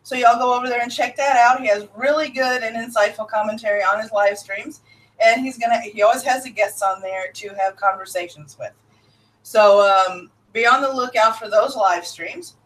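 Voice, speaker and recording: A woman's voice: a little high, normal speed, fairly bright tone, far from the mic, poor audio. A woman hosting a casual live-stream show, chatting, laughing often and answering her chat.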